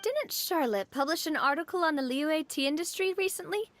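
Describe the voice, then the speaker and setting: Cheerful young woman, playful, high voice, lively swings, game dialogue. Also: brisk, a little hiss or hum. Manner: bubbly, playful, laughs easily. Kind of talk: game voice acting.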